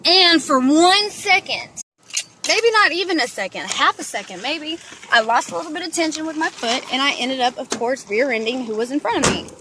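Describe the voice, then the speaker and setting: A young woman from Dallas telling a storytime vlog in a profane, animated way. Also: sits high, moderate pace, noisy background. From Dallas, Texas. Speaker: vlogger.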